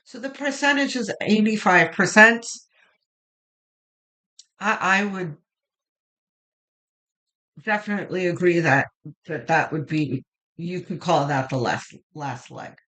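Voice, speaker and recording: Slow, bright-voiced emotional tarot reader. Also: mid-range voice. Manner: reflective and rambling, with many fillers and restarts; emotional, moved near tears. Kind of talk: weekly tarot reading to viewers.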